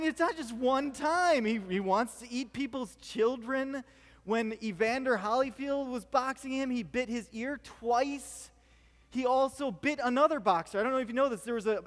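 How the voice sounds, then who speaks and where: A man preaches in a relaxed, conversational way, telling stories and slipping into voices for the people in them. His voice sits high, and it rings with the long reverb of a community hall. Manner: animated, chatty, with quoted voices. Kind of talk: casual storytelling sermon.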